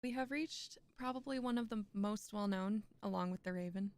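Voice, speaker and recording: Smooth-voiced young woman reading poetry. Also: mid-range voice, normal speed, darkish tone. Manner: chatty, laughs often between poems. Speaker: streamer reading poetry aloud. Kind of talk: poetry reading with casual chat asides.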